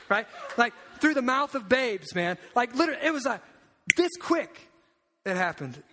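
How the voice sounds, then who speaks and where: Male pastor with a very high voice, animated and emphatic sermon delivery. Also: normal speed, big-room sound.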